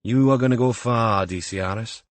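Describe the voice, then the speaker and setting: A man voicing a gruff, sardonic senior detective. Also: medium pitch, normal speed, no echo, close to an everyday voice. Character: gruff, dry-witted senior Welsh detective.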